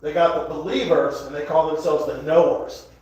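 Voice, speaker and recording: High-voiced crude stand-up comedian, echoey. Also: male voice, steady tone, moderate pace, darkish tone, far from the mic, muffled recording. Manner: rambling, crude, self-mocking. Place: comedy club, indoors. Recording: echoey club recorded from afar.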